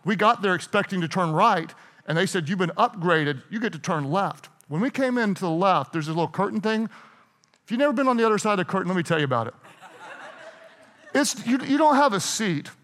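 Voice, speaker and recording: A middle-aged man preaching a sermon, telling stories in an animated way, restarting and repeating himself. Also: high voice, a little fast. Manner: storytelling, animated, self-interrupting with repeated restarts. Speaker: pastor. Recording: hall reverb.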